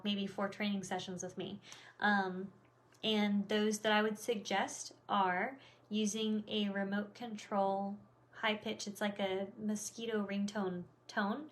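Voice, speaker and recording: A woman dog trainer explaining things in a casual, rambling way, with lots of fillers and restarts. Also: mid-range voice.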